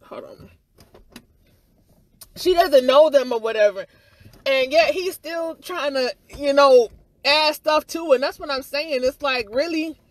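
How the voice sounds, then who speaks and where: Outdoors in front of her home, a high-voiced woman vents on camera about a viral incident she was part of, talking a little slowly with long pauses. She rambles in frustration, leaning on "you know" and "or whatever" and swearing now and then, like an unfiltered livestream.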